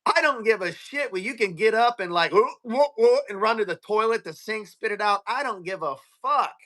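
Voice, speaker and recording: A man in crude, profane casual chat on a livestream, telling stories and acting out quotes loudly. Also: sits high, animated, fairly quick. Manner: profane, storytelling, loud acted-out quotes.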